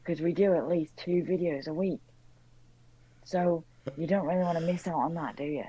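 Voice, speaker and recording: A man's voice: a little high, moderate pace, dark tone, low-quality recording. A man co-hosting a casual football podcast, giving a jokey, upbeat sign-off. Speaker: podcast co-host. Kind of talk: casual chat outro.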